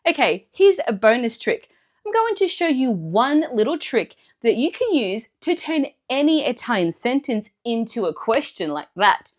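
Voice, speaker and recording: A woman teacher explaining Italian grammar clearly and step by step in a scripted lesson. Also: a little high, very animated, moderate pace.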